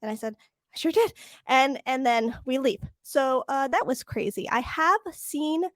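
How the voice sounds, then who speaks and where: A woman co-hosting a podcast narrates a story in relaxed conversation, voicing the dialogue herself. Her high, fairly bright voice is unhurried, recorded dry with clean studio sound.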